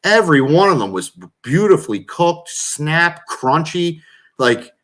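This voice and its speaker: A man's voice: fairly high pitch, slow. A middle-aged man, co-hosting a show and telling a long casual story full of fillers and swearing. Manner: animated, profane, lots of fillers. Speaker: co-host.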